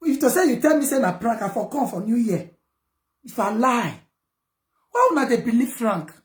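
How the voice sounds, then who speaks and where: A woman's voice: high voice, reverberant. A Nigerian woman speaking Pidgin English, ranting defiantly at her viewers and scolding her critics. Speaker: vlogger. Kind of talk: heated personal rant to viewers.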